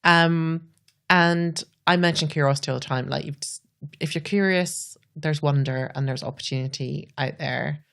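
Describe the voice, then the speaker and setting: A woman's voice: low voice, normal speed, gravelly, fairly bright tone. A Scottish woman, a podcast guest, talking earnestly and reflectively, often saying "like". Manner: earnest, says "like" a lot.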